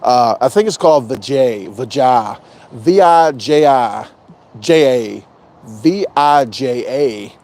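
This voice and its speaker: A man's voice: mid-range voice, expressive, takes it slowly, a little mellow. A man chatting casually on a live stream, rambling and joking, often repeating himself. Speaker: vlogger doing a live stream.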